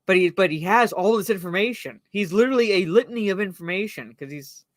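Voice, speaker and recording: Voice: medium pitch, expressive, fast, dry recording. A podcast co-host in casual movie discussion, rambling with lots of "like" and restarts. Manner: rambling, heavy use of "like".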